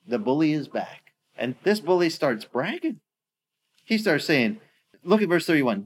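A man preaching a sermon in a lively, slangy, conversational way. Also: fairly high pitch, a little slow.

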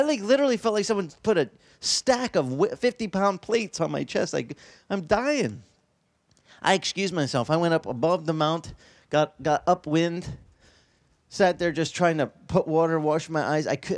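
Pastor, male, sermon delivery, somewhat high voice, animated storyteller, dry close sound. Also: normal speed, dry recording. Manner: animated storytelling, voice leaping high in excited passages.

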